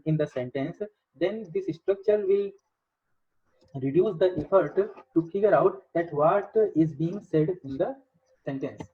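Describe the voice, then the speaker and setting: A man giving a recorded engineering lecture, in a halting way with many fillers. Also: on the high side, breathy edge. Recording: dull lo-fi lecture audio.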